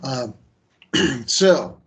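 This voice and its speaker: A man's voice: mid-range voice, expressive, drawn-out words, vocal fry, breathy edge. A man leading an online training session on a video call, speaking conversationally with many fillers and restarts and giving firm recommendations. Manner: gives firm advice.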